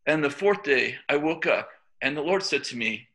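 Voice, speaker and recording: A man's voice: on the high side, expressive, normal speed, bright, forceful tone. A middle-aged man leading a church, preaching informally and telling a story conversationally, with many fillers and restarts. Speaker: church leader.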